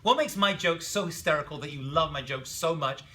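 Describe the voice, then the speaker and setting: A man teaching a class as a rabbi, telling jokes and stories in an animated way and throwing questions at his students. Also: a little high, brisk, slight background noise. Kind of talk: classroom lecture.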